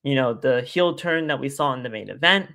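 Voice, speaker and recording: A man as a guest on a casual live stream, talking at length in an animated, rambling way and repeating his stock phrases. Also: medium pitch, brisk, vocal fry.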